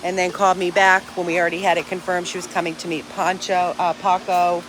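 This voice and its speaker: Outdoors, a woman who runs a dog rescue talks to her followers in a casual vlog, earnest, emphatic and chatty. Her voice is fairly low and fairly bright, delivered flat and briskly, with slight background noise.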